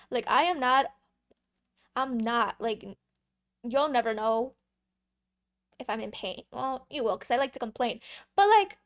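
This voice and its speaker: A young woman vlogger telling a casual story, chatty and playful, swearing freely with quick asides. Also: sits high, no room sound, studio quality.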